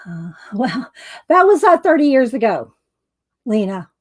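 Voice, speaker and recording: A woman's voice: on the high side, very animated, unhurried. A middle-aged woman hosting a casual art livestream from her home craft room, chatting to viewers as she works. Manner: chatty, talks to viewers while working.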